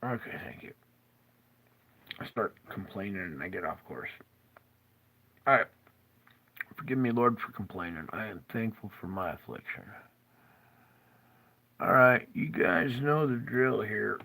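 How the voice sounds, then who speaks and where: A man's voice: lowish voice, expressive, unhurried, vocal fry, long pauses, pushed and bright, breathy edge. A man hosting his own show, rambling in a tired, jokey way and often breaking off his own train of thought. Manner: rambling, jokey and self-interrupting. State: tired, yawning. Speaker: show host. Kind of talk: casual commentary over maps.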